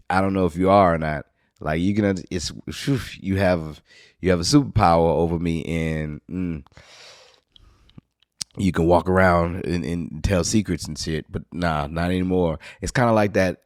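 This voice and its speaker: Speaking in his hometown New Orleans accent, this podcast host wanders through a crude, casual story, occasionally spiking into high-pitched excitement. The sound is clean studio audio without any echo.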